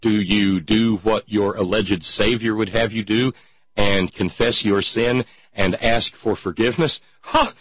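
A man's voice: fairly low pitch, steady tone, unhurried, husky, dry recording. A man hosting a talk show, delivering sarcastic political commentary and reading quotes aloud in a mocking raised voice. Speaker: podcast host. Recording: dull lo-fi sound, dry.

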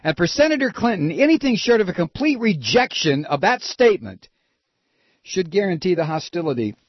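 Husky male talk-radio host, lively and sarcastic, dry dull studio sound. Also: high-pitched, fairly quick, dry recording. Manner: animated, sarcastic, mimics politicians. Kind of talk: political talk radio monologue.

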